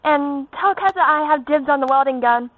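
A woman's voice: high-pitched, normal speed, dry recording. A woman leaving a frantic voicemail in an amateur audio play, half laughing as she pleads for help. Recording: dry tinny phone-like sound.

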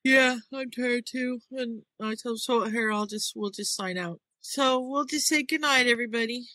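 A woman's voice: a little high, normal speed, no echo. A woman hosting a podcast, chatting casually and wrapping up the session. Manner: relaxed, chatty, wraps up the show. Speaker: podcast host. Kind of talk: casual chat.

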